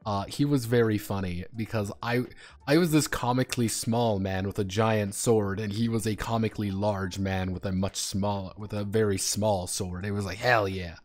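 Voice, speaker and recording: A man streaming, chatting casually and rambling through profane, animated tangents over faint background music. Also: on the low side, normal speed. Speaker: streamer and game designer.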